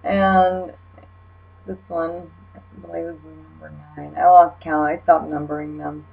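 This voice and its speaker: Young woman, casual comedic commentary, slightly tipsy, rambling and wry, breathy voice, dull lo-fi recording with hum. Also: low voice, level tone, measured pace. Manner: rambling, filler-heavy, wry. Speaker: video creator.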